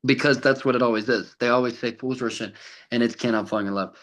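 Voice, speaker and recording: A man's voice: mid-range voice, fairly even intonation, fast, a bit bright, rough recording. Chatty man telling stories, laughing. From Colorado. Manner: chatty storyteller, laughs often, acts out other voices. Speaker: tribute artist for a famous singer, guest. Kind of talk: casual podcast chat.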